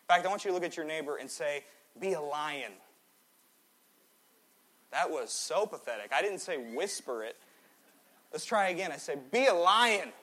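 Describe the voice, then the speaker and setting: A man in his twenties preaching a sermon in a church, swinging between loud exhortation and quiet, joking asides. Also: fairly high pitch, expressive, moderate pace, pauses often. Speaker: pastor. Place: church sanctuary.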